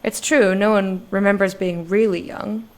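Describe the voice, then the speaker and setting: A woman's voice: mid-range voice, steady tone, normal speed, lightly acted. A woman reading game dialogue aloud as a formal, literal-minded robot servant. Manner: stiff, literal, polite, says "mistress".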